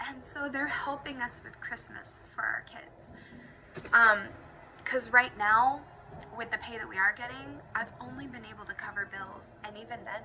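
A woman's voice: fairly high pitch, sharp tone. A young woman giving a casual, emotional personal update as a vlogger, gushing and teary, with many fillers. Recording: dull lo-fi audio with faint hiss.

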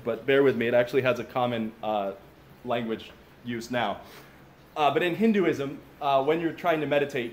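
A man with a mid-range voice, a pastor, gives a casual sermon at a father-son camp gathering, speaking directly to listeners and dropping in asides. Slight background noise sits under an echoey room tone and faint ambience.

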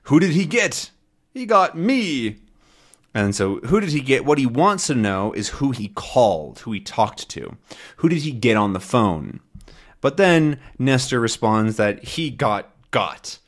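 A man teaching English, slowly explaining a comic to learners in simple, repeated words. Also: medium pitch, sing-song. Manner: slow, simple, repetitive explanations.

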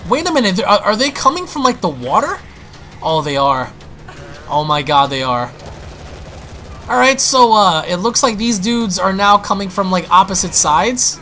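A young man giving excitable, panicky gameplay commentary, stammering and restarting as he plays. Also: high voice, moderate pace, slight background noise. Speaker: gaming YouTuber.

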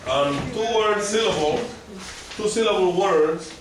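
A man with a fairly high voice teaches a classroom, patiently reading words aloud and asking his students questions. He sounds distant from the microphone in a very echoey room with steady noise behind him. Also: measured pace. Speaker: language teacher. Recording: echoey classroom recorded from afar, background noise.

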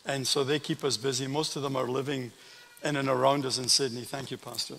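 A man's voice: medium pitch, steady tone, brisk, creaky. An older man with a Scottish accent, a guest pastor telling stories and preaching to a congregation in a large church. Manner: warm storytelling with asides to the congregation. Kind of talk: sermon. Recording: church hall reverb.

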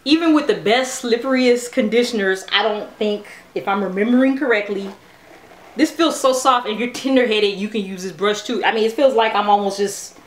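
A woman vlogging at home, chatting excitedly with her viewers while demonstrating a hair brush. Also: medium pitch, fairly quick. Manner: excitable, chatty, addresses viewers as "you guys". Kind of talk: casual product demo chat. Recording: echoey room.

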